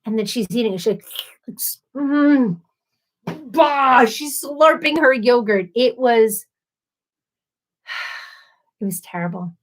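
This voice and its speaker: A woman in her thirties hosting a casual live stream, ranting in an animated, exasperated way and acting out quoted voices. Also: on the high side, a little slow, long pauses.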